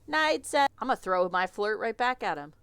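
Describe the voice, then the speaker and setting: A woman streamer reading a visual novel aloud in an animated, chatty way, often laughing. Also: mid-range voice, normal speed, clean tone, dry recording.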